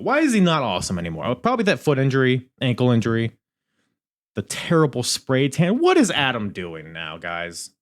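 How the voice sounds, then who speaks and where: A young man hosting a podcast, reviewing in a casual, animated way, swearing and laughing at his own asides. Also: medium pitch. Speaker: podcast host.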